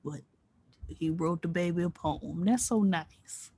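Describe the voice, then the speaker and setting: A woman's voice: on the low side, unhurried, warm tone, a little hiss or hum. Gossipy woman co-host, playful and drawling, casual podcast chat.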